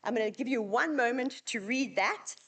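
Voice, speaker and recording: A woman's voice: a little high, normal speed, a bit bright. South African woman giving a conference talk. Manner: chatty, anecdotal, lightly humorous. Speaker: university presenter. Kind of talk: conference presentation with slides.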